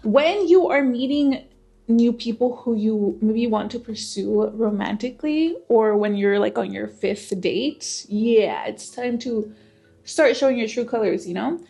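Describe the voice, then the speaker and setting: A woman's voice: a little high, a little slow, vocal fry, dark tone, soft background music. A young woman with a lisp, hosting a casual self-improvement vlog, candid and chatty. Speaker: self-improvement channel host.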